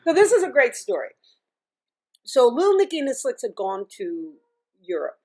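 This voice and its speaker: A middle-aged woman, a singer and music teacher, telling stories as an interview guest in a chatty, animated way, often laughing and restarting her sentences. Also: on the high side, moderate pace. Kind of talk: casual interview storytelling.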